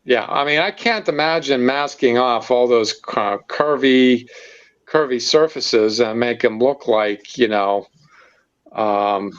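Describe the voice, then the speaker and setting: Guy hosting a hobby video chat, lots of uhs, laughs a lot, average pitch, muffled audio. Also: clean tone. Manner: halting, many fillers, laughs easily. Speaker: host of a modeling hangout. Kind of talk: casual video-call chat. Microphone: video call.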